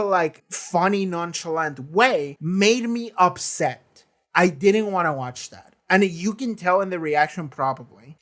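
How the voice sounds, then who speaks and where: A reaction-channel host talking casually in a question-and-answer vlog, animated and emphatic, with lots of filler words and casual swearing. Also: mid-range voice. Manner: acts out quoted lines in shifted voices.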